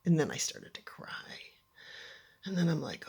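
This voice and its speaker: Husky woman telling a dramatic story. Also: low-pitched, normal speed, long pauses. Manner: animated and dramatic, drops into hushed near-whispers. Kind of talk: personal story told to an audience.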